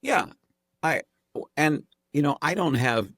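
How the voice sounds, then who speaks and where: A man's voice: fairly high pitch, big pitch swings, slow pace, fairly bright tone, dry recording, studio quality. A man guesting on a podcast, talking casually and playfully, slipping into demonstration voices as he explains. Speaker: actor and impressionist guest.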